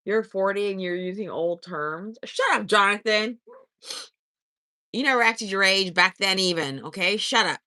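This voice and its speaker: A woman's voice: mid-range voice, normal speed, sharp tone, no room sound, studio quality. A woman in her fifties hosting a casual livestream, reading and answering viewer comments in a blunt, sassy way full of swearing. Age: 50s. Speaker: livestream host.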